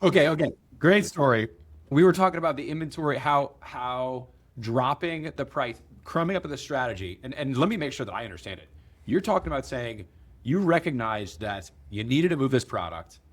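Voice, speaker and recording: A man's voice: medium pitch, lively intonation, fairly quick. A male podcast host in casual chat, giving short reactions and summing up what his guest said. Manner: brief backchannels, then recaps the guest's point.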